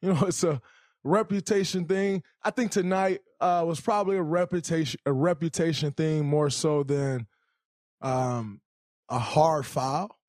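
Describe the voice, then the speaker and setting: Halting man answering in a dry room. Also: fairly high pitch, a little mellow, no room sound. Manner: halting, many fillers and restarts.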